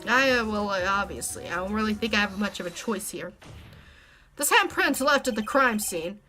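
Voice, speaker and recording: A woman's voice: mid-range voice, expressive, moderate pace, bright, forceful tone, soft background music. A woman voicing a nervous young male defense lawyer, reading game dialogue aloud with hesitant, stumbling lines. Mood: unsure.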